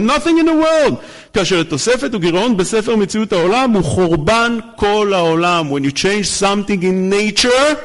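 Man, high voice, rabbi giving a Torah class, emphatic, rattles off quick Hebrew quotes. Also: low-quality recording. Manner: mixes in rapid Hebrew quotations; emphatic, repeats words for stress. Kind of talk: Torah lecture.

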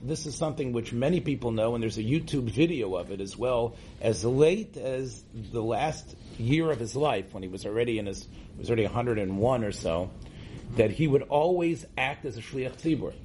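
American rabbi teaching a class, mid-pitched voice, keeps asking "right?", talks loose and restarts a lot. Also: male voice, expressive, normal speed, darkish tone, a little hiss or hum. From United States. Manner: conversational, tags points with "right?", restarts often. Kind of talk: informal religious lecture. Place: classroom with an audience.

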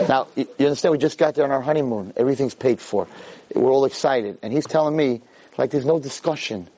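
A man giving a Torah lecture as an animated personal story, acting out the dialogue. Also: moderate pace, pauses often, very noisy. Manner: animated, acts out dialogue with big swings in pitch.

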